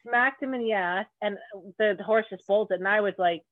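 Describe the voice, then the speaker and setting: A woman's voice: mid-range voice, moderate pace, no echo. A woman talks casually, swearing freely and laughing between her words. Her voice is narrow and phone-like. The sound is dry and close. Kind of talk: casual chat.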